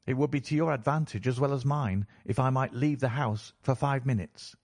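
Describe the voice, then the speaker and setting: Proud, defiant young man under accusation, husky voice , read by a male narrator. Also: medium pitch, moderate pace, a little mellow, no room sound, studio quality, close to an everyday voice. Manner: indignant, defiant. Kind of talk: audiobook reading.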